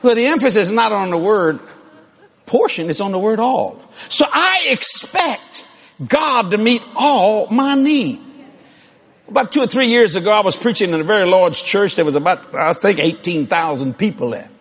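A man preaching a sermon, shouting and boasting with animated laughs. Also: high voice, brisk.

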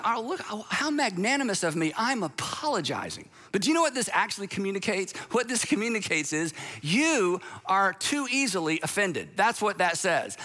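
A man's voice: high voice, big pitch swings, moderate pace, hardly any pauses, sharp tone. A man giving a sermon-style talk to an audience, emphatic and conversational, with sarcastic asides. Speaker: speaker.

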